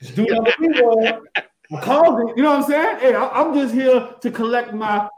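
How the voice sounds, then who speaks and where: A man with a high voice talks about basketball in an animated, boastful way. He keeps repeating "you know what I'm saying." His voice echoes, as if he is in a hollow room on a remote line. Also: brisk, background noise. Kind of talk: casual basketball chat.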